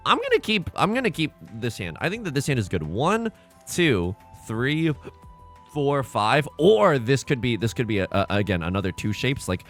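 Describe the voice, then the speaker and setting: A young man giving jokey, excitable commentary over a mahjong game he is playing, breaking into sudden outbursts. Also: fairly high pitch. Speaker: gaming YouTuber and commentator. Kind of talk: mahjong let's play commentary.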